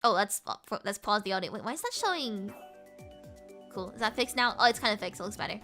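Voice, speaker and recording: A woman from Britain chatting casually with viewers while playing a racing game, giggling often and breaking into loud outbursts at the game. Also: mid-range voice, lively intonation, quick pace. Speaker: streamer. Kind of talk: casual gaming stream chat. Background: game music.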